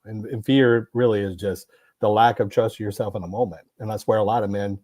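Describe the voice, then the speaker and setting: A man's voice: medium pitch, warm tone, no room sound. A man talking on a podcast, emphatic and preachy, driving his points home by repeating words. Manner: emphatic, repetitive, preachy about masculinity. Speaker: podcast guest. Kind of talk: casual podcast conversation.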